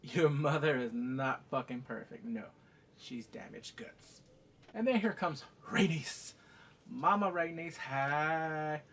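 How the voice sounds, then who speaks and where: A man recapping a TV episode in a loose, profane way, acting out each scene as he goes. His voice sits a little high and swings widely in pitch, so the delivery sounds lively and animated. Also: slow, vocal fry, slight background noise. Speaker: TV show reviewer.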